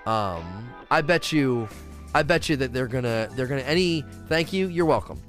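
Animated ranting male game streamer. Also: medium pitch, normal speed, faint music behind. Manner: animated, ranting, reads chat questions aloud. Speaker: livestreamer. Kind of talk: casual gaming stream chat.

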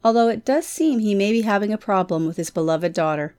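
A man reading aloud and voicing a gracious noblewoman who speaks softly with a wry, gentle manner. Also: sits high, expressive, brisk, clean tone, pitched above the performer's own voice.

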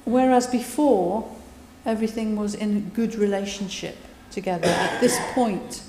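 A woman preaches in a relaxed, conversational way, retelling scripture and adding her own asides. Her voice is mellow and warm. It rings with long reverb across a large hall. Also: mid-range voice, measured pace. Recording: echoey hall, voice from a distance.

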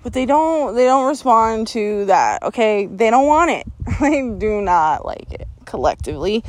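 Lecturing her audience confrontationally, this woman vlogger delivers a blunt, profane rant to camera, cursing nonstop and breaking into laughter mid-sentence. She speaks a little slowly in a darkish voice that's on the high side with big pitch swings, over noticeable background noise.

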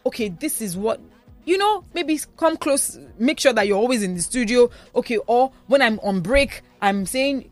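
A woman's voice: fairly high pitch, moderate pace, faint music behind. A woman with a Nigerian accent co-hosting a radio show from the studio, chatting casually and telling stories with many asides. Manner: animated storyteller, lots of asides and fillers. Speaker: radio co-host.

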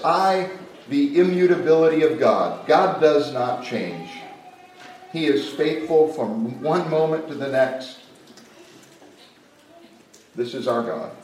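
Male pastor, preaching, emphatic and dynamic, recorded from a distance in a roomy hall with faint background noise. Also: mid-range voice. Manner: emphatic preaching with dramatic swings in loudness and pace. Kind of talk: sermon. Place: retreat camp meeting space.

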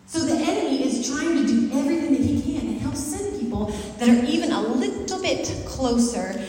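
A woman preaching a lively sermon to a congregation, talking conversationally and asking them questions. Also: high-pitched, brisk, a little hiss or hum. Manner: animated, conversational, asks the audience questions. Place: church hall with a live congregation. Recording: echoey hall, mic far off.

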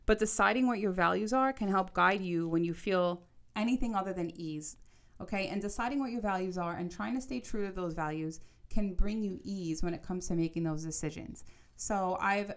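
A woman in her thirties giving casual advice straight to her audience, talking quickly in bursts and often checking in with "okay?". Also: mid-range voice. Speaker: vlogger. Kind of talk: casual advice monologue to camera.

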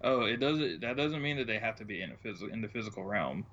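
Dry, low-key man on a dull mic. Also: fast talker, a bit bright. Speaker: podcast co-host. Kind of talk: casual chat.

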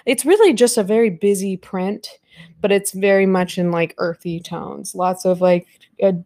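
This podcast host, a woman in her thirties, rambles through a casual live-stream chat at her computer at home, laughing a lot. Her voice is lowish and a little mellow, recorded dry in studio quality.

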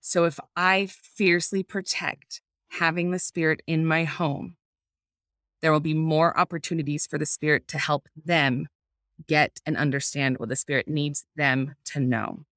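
A woman's voice: sits low, a little slow, a bit bright, no echo, clean studio sound. A woman speaking earnestly as a guest about faith and parenting over a video call, reflecting aloud and searching for words. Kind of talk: faith-based parenting talk.

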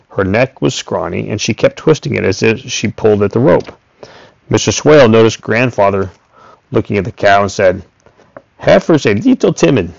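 A man reading a first-person story aloud in a steady, plain way. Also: on the low side, vocal fry, no room sound. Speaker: audiobook reader. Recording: dull, dry recording.

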